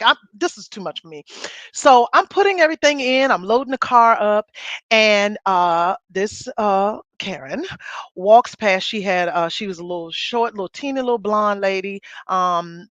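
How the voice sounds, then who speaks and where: A middle-aged woman, co-hosting a podcast and telling a story in a loud, blunt, animated way. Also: mid-range voice, dry recording. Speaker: podcast co-host. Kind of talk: casual storytelling chat.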